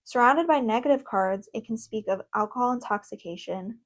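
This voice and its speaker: A young woman with a fairly high voice talks into her own microphone at home, reviewing an oracle deck. She reads card meanings aloud, then breaks into excitable, chatty asides and quick laughs. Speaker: tarot content creator. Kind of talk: casual deck review vlog.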